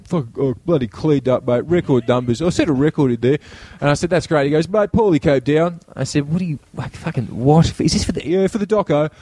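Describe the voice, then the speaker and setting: A man's voice: on the high side, dry recording. An Australian man co-hosting a podcast, telling anecdotes in casual chat, laughing often and acting out his friends' lines. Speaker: podcast co-host.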